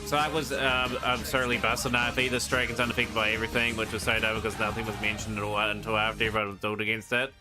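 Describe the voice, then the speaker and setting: A man casually commenting while he streams a card game, rambling and trailing off into quiet asides. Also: fairly low pitch, level tone, quick pace, few pauses. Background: game music.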